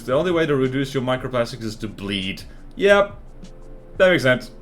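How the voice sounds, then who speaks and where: A man's voice: mid-range voice, sing-song, moderate pace, faint music behind. A man chatting casually with his live-stream viewers while playing a game, rambling and laughing often as he answers chat.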